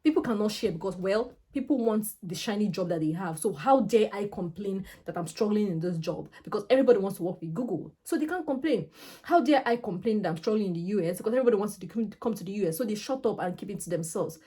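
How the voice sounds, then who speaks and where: A young Nigerian woman with a Nigerian accent talks straight to camera, frank and conversational. Her voice is husky and mellow, and she speaks fast, piling on asides. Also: medium pitch, animated. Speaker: YouTuber. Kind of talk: casual talk to camera.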